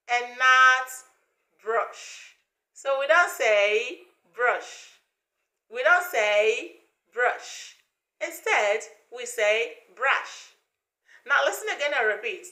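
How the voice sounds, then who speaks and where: A woman leads an English pronunciation lesson, pacing herself slowly and drilling each vowel sound again and again. Her voice sits a little high and sounds bright. The room is echoey around her. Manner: slow, deliberate, repeats sounds for learners to copy. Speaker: pronunciation teacher.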